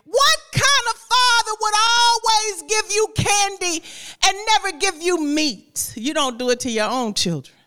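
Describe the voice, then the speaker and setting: Her voice very high-pitched and unhurried, a woman preaches conversationally and with energy. She addresses the congregation directly, repeating phrases and laughing frequently.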